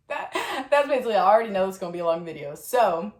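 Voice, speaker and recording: A woman's voice: medium pitch, fast talker. Chatty woman in an echoey room. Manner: chatty, animated retelling with many fillers. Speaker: vlogger sharing Air Force basic training experience. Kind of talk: casual storytelling and tips to camera.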